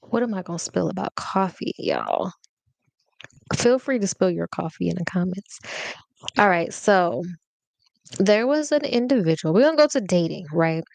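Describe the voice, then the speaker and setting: A woman's voice: lowish voice, lively intonation, unhurried, creaky, pauses often, no echo. A young adult woman hosting a live podcast, chatting casually and rambling playfully straight to her viewers. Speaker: podcast host.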